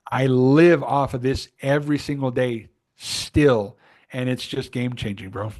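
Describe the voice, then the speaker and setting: A man co-hosting a podcast, coaching listeners in an earnest, emphatic style. His voice sits at an ordinary middle pitch, and he leans hard on his key points. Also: steady tone, measured pace, darkish tone. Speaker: podcast co-host. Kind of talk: casual motivational chat.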